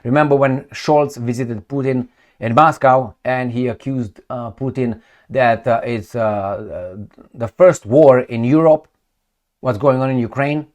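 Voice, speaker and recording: A man hosting a solo political commentary, talking in an animated, mocking way with frequent restarts. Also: mid-range voice, unhurried.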